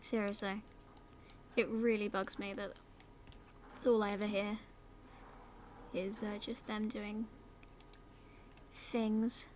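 A woman's voice: medium pitch, little pitch movement, slow pace, long pauses, darkish tone, a little hiss or hum. A young British woman chatting through a life-sim game as a YouTuber, giving her characters orders, slipping into whispers and silly voices, swearing casually. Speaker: gaming YouTuber. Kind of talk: casual let's-play commentary.

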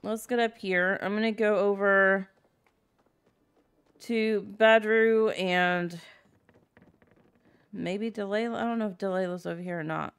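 A woman's voice: mid-range voice, fairly even intonation, a little slow, long pauses, clear, resonant tone. A woman chats her way through a video game and laughs now and then. She reads the characters' dialogue aloud in her own everyday voice, with no put-on voices, in a loose, rambling manner. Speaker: gameplay video host. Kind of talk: casual let's-play commentary reading dialogue aloud.

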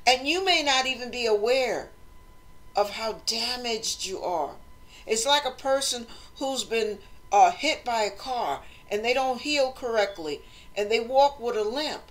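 A woman hosting a motivational talk, speaking conversationally and acting out quoted voices with lively emphasis. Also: a little high, measured pace. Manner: animated, acts out quoted voices, conversational preaching. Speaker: host.

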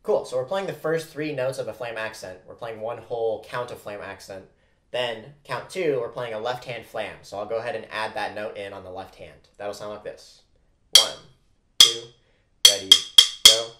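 A man's voice: fairly low pitch, moderate pace. A man teaching a percussion lesson, patiently explaining flam rudiments and counting off stickings aloud. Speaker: percussion instructor. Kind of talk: instructional drum lesson. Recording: echoey room with loud drumming.

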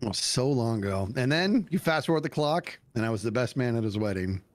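A man chatting and telling stories while playing a game on stream, his pitch swinging up and down as he acts out every quote. He talks at an easy middle pitch, loose and animated, and breaks into laughs along the way. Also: brisk. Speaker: gaming streamer host. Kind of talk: casual gaming chat and storytelling.

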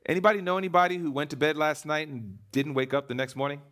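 A man preaching a sermon in church, swinging between emphatic declarations and hushed, earnest appeals. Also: a little high, fairly even intonation, fast.

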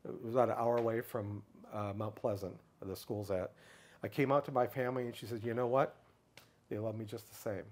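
A middle-aged man telling a long personal story in a casual interview, animated, and briefly raising his voice to act out what others said. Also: a little fast. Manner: animated storyteller, acts out others' lines in a raised pitch. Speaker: guest speaker.

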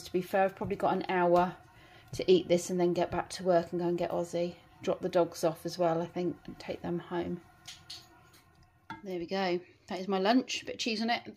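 A woman's voice: lowish voice, darkish tone. A woman vlogging casually, cooing at her animals in baby talk. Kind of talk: casual vlog chat. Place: outdoors with animals, then at home. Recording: faint background noise.

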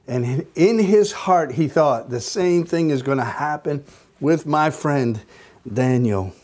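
A man teaching a Bible study lesson, retelling the story slowly and deliberately, repeating phrases for emphasis. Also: fairly high pitch, a little mellow.

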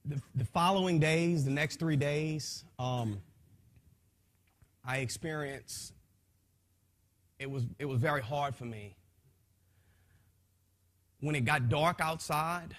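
A man telling his testimony to a church gathering, swinging from hushed lines to shouting, repeating phrases, speaking in a folksy way. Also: fairly high pitch, slow pace, pauses often.

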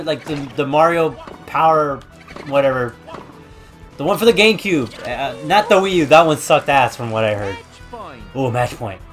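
Young man, gaming commentary, high voice, wildly swinging pitch, constant cursing and trash talk, faint music behind. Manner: loud, swearing, trash-talking, yelling at the game. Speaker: gaming YouTuber. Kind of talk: let's play commentary.

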